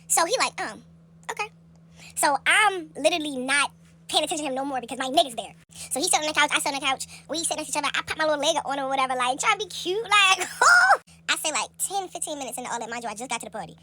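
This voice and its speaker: Here a young woman spins a quick-paced story in a casual, lively, foul-mouthed way, voicing its characters in a high pitch. The recording comes from a phone held close and carries slight background noise.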